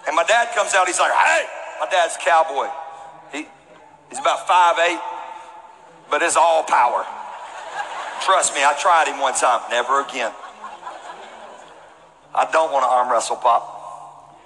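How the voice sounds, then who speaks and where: A man preaching a sermon in a church, telling a comic story with animated energy and shouting the punchlines. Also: fairly high pitch, a little slow, pauses often, in a large hall, slight background noise, poor audio. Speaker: pastor. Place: church auditorium with congregation.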